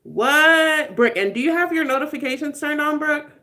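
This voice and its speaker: A woman's voice: high voice, lively intonation, moderate pace, pushed and bright. A woman in her twenties hosting a casual live stream, chatting with viewers in a playful way, laughing often and dropping slangy asides.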